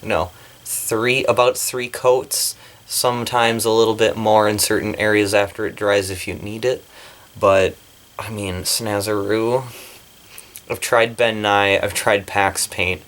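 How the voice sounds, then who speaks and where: A man vlogging about his cosplay from a corner of his small bedroom, excitable and giggly, with a slight lisp. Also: fairly low pitch. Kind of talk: casual vlog.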